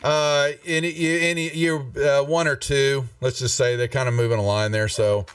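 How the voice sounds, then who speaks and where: A man's voice: medium pitch, moderate pace, smooth, no echo. Man running a tabletop game. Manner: relaxed, rambling, lots of fillers. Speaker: dungeon master. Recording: distant mic with music behind.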